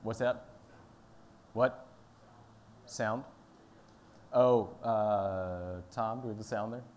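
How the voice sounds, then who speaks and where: A man giving a sermon at church in a relaxed, conversational, storytelling manner. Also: lowish voice, takes it slowly, a little hiss or hum. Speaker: pastor.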